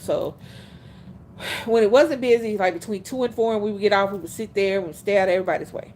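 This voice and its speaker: A woman hosting a livestream, telling stories in a casual, animated way, laughing often and speaking bluntly. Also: medium pitch, slight background noise. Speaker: livestream host.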